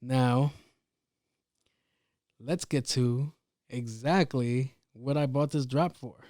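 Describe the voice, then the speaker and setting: Male podcast host, mid-pitched, cursing and rambling through a story, dry close mic. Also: slow, dry recording. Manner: profane, rambling, animated retelling. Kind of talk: casual solo podcast storytelling.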